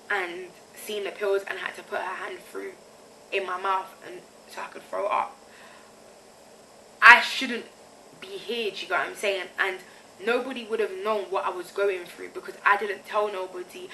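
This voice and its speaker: A woman's voice: medium pitch, moderate pace, sharp tone, slight background noise, poor audio. A young woman speaking candidly to her own camera in a confessional vlog, using slang and often checking that the listener follows her. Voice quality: candid, slangy, keeps asking "you get me". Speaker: vlogger. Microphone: camera mic, self-filmed.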